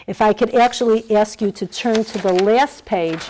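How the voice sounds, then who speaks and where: A woman's voice: medium pitch, normal speed, a little mellow, slight background noise, low-quality recording. A woman giving a Torah lecture to a class, asking the room questions and weaving in Hebrew terms. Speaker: Torah teacher.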